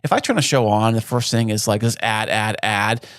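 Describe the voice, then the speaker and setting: A man hosting a casual podcast interview, joking and expressive as he asks his guest questions. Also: lowish voice, brisk, no room sound, studio quality. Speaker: podcast host.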